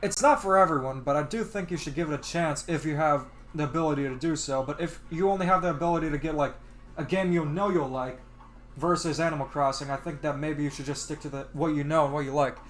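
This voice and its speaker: A man's voice: on the high side, fast talker, soft background music. A man hosting a gaming livestream, chatting casually and laughing as he plays and comments.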